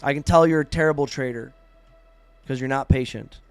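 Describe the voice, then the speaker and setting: A man hosting a live trading stream, explaining trades in a blunt, profane, animated way and acting out traders' reactions. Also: mid-range voice, brisk, no echo, faint music behind. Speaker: trading livestream host.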